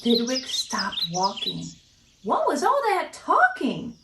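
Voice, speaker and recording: Animated mom reading a picture book. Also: female voice, high voice, slow, reverberant, very noisy. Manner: animated sing-song rhyming delivery. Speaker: homeschool mom reading aloud. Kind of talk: children's storybook read-aloud.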